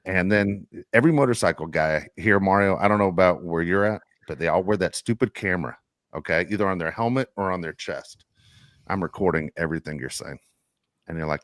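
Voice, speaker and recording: Brief: low-pitched male podcast co-host, heated profane rant, dry sound. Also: a little fast, a bit bright, no echo. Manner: heated, profane, repeats "dude".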